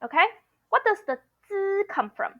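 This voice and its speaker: A woman teaching a pronunciation lesson, slowly and patiently drilling each sound. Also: extremely high pitch, lively intonation, muffled recording. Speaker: Mandarin teacher.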